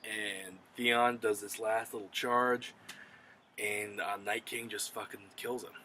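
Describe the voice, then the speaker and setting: Bright-voiced man excitedly recapping a show. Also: on the low side, a little slow, slight background noise, rough recording. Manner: excited, profane, rambling retelling. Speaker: TV episode reviewer. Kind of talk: casual spoken recap and review.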